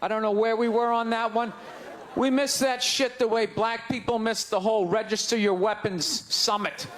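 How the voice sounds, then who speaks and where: A man doing a live stand-up routine, ranting incredulously with bursts of shouting. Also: sits high, steady tone, normal speed, a little hiss or hum. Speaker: stand-up comedian. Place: comedy stage before a live audience. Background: faint audience laughter.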